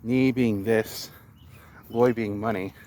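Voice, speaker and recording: A man's voice: lowish voice, fairly even intonation, slow, darkish tone. A man vlogging outdoors on a path, explaining foreign phrases in a casual, hesitant way and sounding out words with care. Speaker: vlogger learning a language. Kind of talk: casual explanation while walking.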